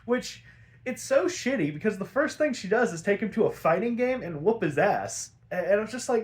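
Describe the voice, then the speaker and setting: A young man with a somewhat high-pitched voice recaps a cartoon episode in loose, rambling talk. He swears freely and jumps into quick impressions of the characters' lines, stopping now and then to fix details he left out. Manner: rambling, profane, animated retelling with acted quotes. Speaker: podcast host.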